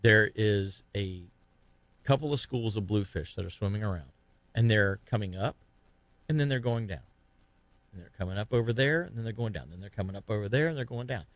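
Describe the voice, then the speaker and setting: A man hosting a fishing podcast, telling a lively fishing story in casual chat and acting out the other anglers' lines. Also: lowish voice, fairly quick, dry recording. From Florida.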